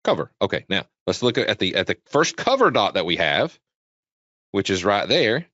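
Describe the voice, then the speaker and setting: A man hosts a trading webinar as a casual live chart walkthrough, repeating himself and regularly asking his listeners questions. His voice is on the low side with big pitch swings, a moderate pace, and a fairly bright tone. The dull, lo-fi webinar recording has no room sound.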